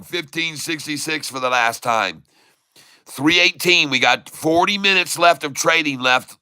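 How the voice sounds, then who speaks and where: Bright, excitable male trading host. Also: medium pitch, clear, resonant tone, no echo. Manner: excitable, taunting short sellers, repeats prices. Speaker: stock trading channel host. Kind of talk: live market commentary.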